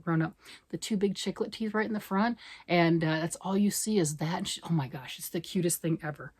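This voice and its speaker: A grandmother talks through her knitting in a relaxed, rambling way. Her voice sits a little low, and she often teases herself. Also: breathy edge. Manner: chatty, rambling, self-deprecating. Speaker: knitting vlogger. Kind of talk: casual knitting chat.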